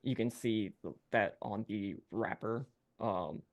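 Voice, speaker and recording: A man narrating as game master in a rambling, halting way with many fillers. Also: fairly low pitch, dull audio.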